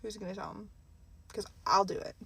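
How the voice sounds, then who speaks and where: A woman's voice: medium pitch, fairly quick, vocal fry, sharp tone, slightly rough, soft background music. A woman giving a blunt, sarcastic vlog rant with many fillers.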